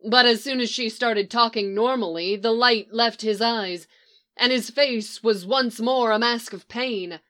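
Slow, measured woman narrator. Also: on the high side. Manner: steady, measured reading. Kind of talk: storybook narration read aloud.

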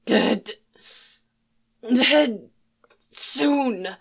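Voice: medium pitch, extremely slow, vocal fry, fairly bright tone, slightly rough, pitched above the performer's own voice, heavily acted. A storyteller voicing the wraith of a young male bard, screaming broken, anguished cries in a storybook reading. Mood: howling.

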